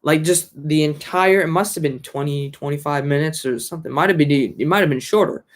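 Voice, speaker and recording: Rambling, slightly high-voiced man. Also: brisk. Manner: rambling, with many fillers and restarts. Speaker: film reviewer. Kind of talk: casual chat.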